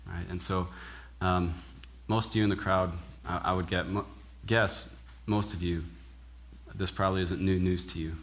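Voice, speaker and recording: Young male minister, slightly low voice, casual animated sermon style, keeps asking "right?". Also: normal speed. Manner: casual and animated, acts out quoted dialogue, frequent "right?". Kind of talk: conversational sermon.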